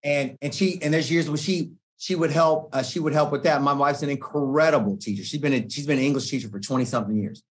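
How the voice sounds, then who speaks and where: A middle-aged man, a guest coach, telling stories in a relaxed podcast chat, slangy and animated, often acting out what people said. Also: fairly high pitch, quick pace, hardly any pauses. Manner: animated slangy storytelling, acts out quoted speech. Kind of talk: casual podcast conversation.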